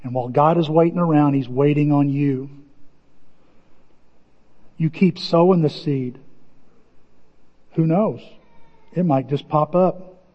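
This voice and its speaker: Pastor guy preaching, kinda high voice, chatty storytelling, dull recording with big hall echo. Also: slow pace, long pauses. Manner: animated, conversational, acts out dialogue. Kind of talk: storytelling sermon. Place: church sanctuary.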